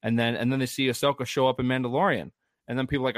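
A man talking casually as a co-host, rambling and restarting his thoughts as he goes. His voice sits at an ordinary middle pitch. The sound is dry and close, with no room around it. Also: fairly even intonation, rapid-fire, no echo. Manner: rambling, many restarts and fillers. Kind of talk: casual chat.

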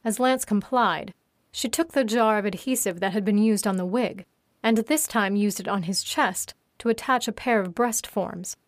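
A woman reads an audiobook in a steady, even voice. Her pitch sits in a medium range. The recording is dry and close. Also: normal speed, no room sound. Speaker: narrator. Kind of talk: audiobook narration.

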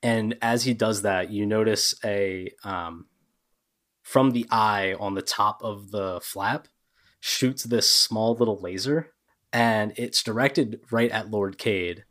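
A man narrating a tabletop game as game master in a relaxed way, with many ums. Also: lowish voice, takes it slowly.

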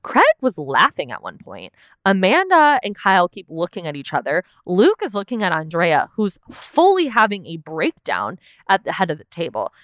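Chatty young woman with a smooth, low voice. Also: wildly swooping pitch, moderate pace, fairly bright tone, no echo, studio quality. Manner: chatty, lots of "like" fillers. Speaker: recap podcast host. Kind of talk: casual reality TV recap.

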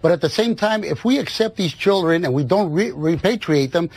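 A man's voice: sits high, expressive, fairly quick, a little mellow. A man speaking as a political guest in a TV debate, insistent and full of fillers.

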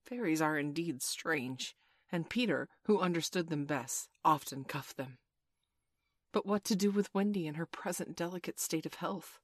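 A woman narrating a storybook aloud in a measured, gently expressive way. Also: deep voice, no room sound, studio quality. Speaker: audiobook narrator.

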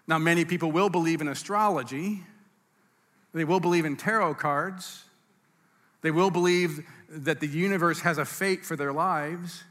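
Pastor, male, conversational sermon delivery, slightly high voice, reverberant room. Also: normal speed, fairly bright tone. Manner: conversational teaching, asides and restarts. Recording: reverberant hall.

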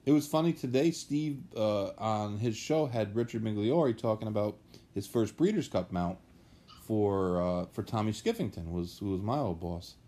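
A man's voice: lowish voice, animated, normal speed, warm tone. A man chatting casually on a podcast as a guest, telling rambling, anecdotal stories about horse racing.

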